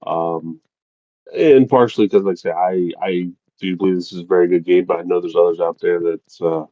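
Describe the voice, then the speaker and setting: Deep dark-voiced man, halting. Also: fairly even intonation, no room sound, highs cut off. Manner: rambling, halting restarts. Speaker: podcast co-host. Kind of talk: casual chat.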